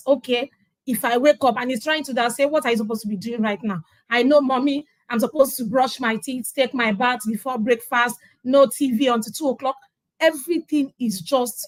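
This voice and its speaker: A middle-aged woman with a Nigerian accent speaks as a guest in a conversational interview. Her voice sits a little high, and she tells her story with emphasis, acting out the lines of the people in it. The sound is close and dry, with no room echo. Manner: emphatic storyteller who acts out quoted dialogue. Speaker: interview guest sharing her parenting journey. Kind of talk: conversational testimonial.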